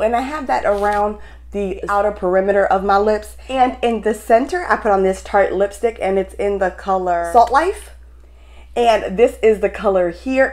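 A woman beauty vlogger talking straight to her viewers in a casual unboxing vlog, gushing and excitable. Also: mid-range voice.

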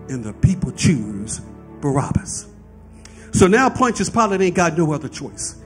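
A man's voice: a little high, sing-song, unhurried, faint music behind. A man preaching a sermon, explaining scripture and often checking in with his listeners with "right?". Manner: preaching with rising fervor, frequent "right?" asides. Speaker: pastor.

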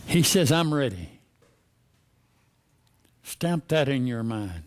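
A man's voice: medium pitch, big pitch swings, takes it slowly. A man preaching a sermon, reading verses and pressing the listeners with repeated questions. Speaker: pastor.

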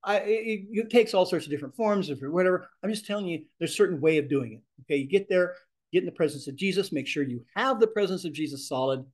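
Teaching a ministry class at a fast clip, a man with a fairly high voice speaks animatedly and expressively, voicing the sample prayers aloud along the way.

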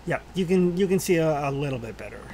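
A man narrating a tabletop game as game master, pausing often with "uh" while he describes each scene. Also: fairly high pitch, animated, mellow. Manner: halting, lots of "uh" and restarts while describing scenes.

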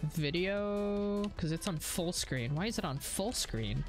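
A woman's voice: on the low side, animated, takes it slowly, soft background music. A young woman live-streaming a driving game, chatting casually, swearing freely and answering chat messages.

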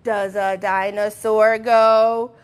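A young woman teaching a sing-song music and movement class for toddlers, bubbly and encouraging, with excited gasps. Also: medium pitch, slow pace, smooth.

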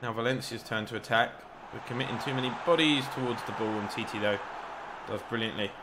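This young man, a gaming YouTuber, talks quickly in a mid-range voice while narrating a football video game live. Excitable and meandering, he cheers the players on loudly and teases himself, over background noise.

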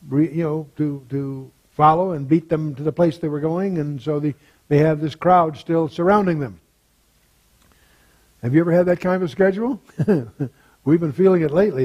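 An older man teaching through a Bible passage verse by verse, reading scripture slowly and breaking off into chuckling asides. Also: a little high, darkish tone, rough recording.

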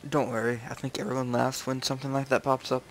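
A man's voice: medium pitch, flat delivery, fast talker, slight background noise. Easygoing young man co-player. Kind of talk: casual gaming chat.

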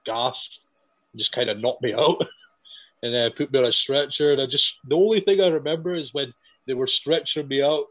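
Brief: young wrestler from Scotland, hesitant storyteller, dull lo-fi sound. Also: male voice, medium pitch, a bit bright, no room sound. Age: young adult. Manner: halting, many fillers and restarts, laughs while telling. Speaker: wrestler guest. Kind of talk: casual interview storytelling.

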